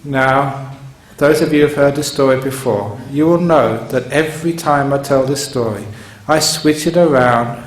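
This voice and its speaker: A man, a monk, giving a sermon in a chuckling, digressive storytelling manner, recorded in a meditation hall. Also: mid-range voice. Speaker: monk giving a Dharma talk. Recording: roomy hall with faint hum.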